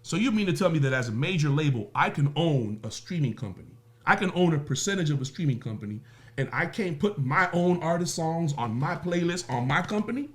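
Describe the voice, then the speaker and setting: A man's voice: fairly high pitch, animated, brisk. A man talking on a podcast as a guest, emphatic and profane, firing off rhetorical questions and everyday analogies. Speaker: music business guest. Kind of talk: podcast interview talk.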